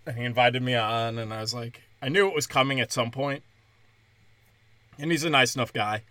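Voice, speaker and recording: Rambling profane comedian in a closet. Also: male voice, mid-range voice, steady tone, brisk, bright, forceful tone, no echo. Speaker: comedian podcast host. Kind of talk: casual podcast monologue. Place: small closet. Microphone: headphones and studio mic.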